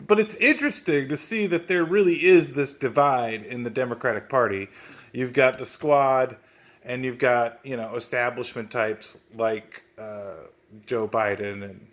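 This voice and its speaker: A man reviewing a comic book in a mocking, sneering way, swearing often and restarting his sentences. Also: mid-range voice.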